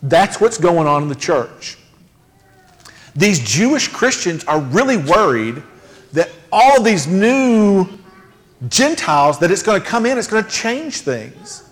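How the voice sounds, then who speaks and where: A man's voice: high-pitched, big pitch swings, a little slow. A male pastor preaching a sermon in a conversational, emphatic way, with casual asides. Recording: long hall reverb.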